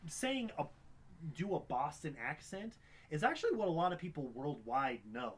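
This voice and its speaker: A young man co-hosting a podcast, chatting casually about a film, rambling with many restarts and sudden animated outbursts. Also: on the high side, moderate pace, slightly rough. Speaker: podcast co-host. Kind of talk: casual film review chat.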